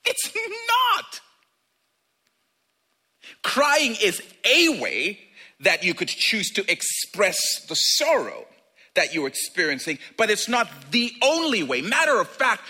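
A man preaching a sermon in a conversational, animated way, acting out little asides. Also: sits high, a little slow, breathy edge.

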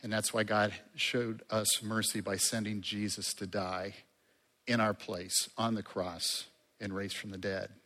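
A man preaching a sermon as a pastor, conversational and lively, with asides to the congregation. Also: fairly low pitch, measured pace, in a large hall.

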